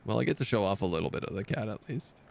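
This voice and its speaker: Brief: male streamer, live gameplay commentary, mid pitch, gravelly fry, lively up-and-down delivery. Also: racing. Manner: thinking aloud, muttering over choices.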